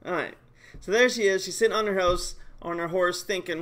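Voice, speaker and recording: A man hosting a live stream, giving casual, joking game commentary with quick bursts of excitement. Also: high-pitched.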